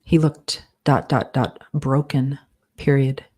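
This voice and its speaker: A woman author dictating her novel live, slowly reading out each comma and period as she composes. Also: very deep voice, fairly even intonation, a little mellow. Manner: slow, measured, speaking punctuation aloud. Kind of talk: live dictation of fiction with spoken punctuation.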